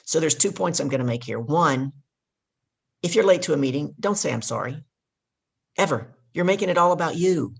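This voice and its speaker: Husky-voiced woman coaching emphatically. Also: deep voice, lively intonation, moderate pace. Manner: emphatic, repeats key points. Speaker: guest, life coach. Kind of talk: energetic coaching storytelling.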